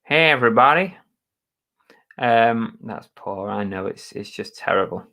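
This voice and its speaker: Slow-talking man hosting a live chat. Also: on the low side, level tone, creaky. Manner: chatty and self-mocking, with mild muttered curses. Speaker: live stream host. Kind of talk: casual live chat, greeting viewers.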